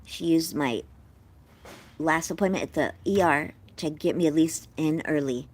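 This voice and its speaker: Chatty American woman, slightly low voice. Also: moderate pace, background noise. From California, USA. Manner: chatty and effusive, talking straight to viewers. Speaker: livestream host. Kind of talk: casual live-stream chat. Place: at home.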